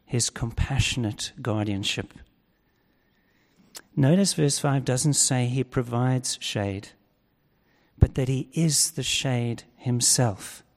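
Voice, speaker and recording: A man preaches in a slow, measured cadence, leaning into his key points with growing force. His voice sits at an ordinary pitch and carries a long reverb from a large hall. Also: darkish tone. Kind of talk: sermon.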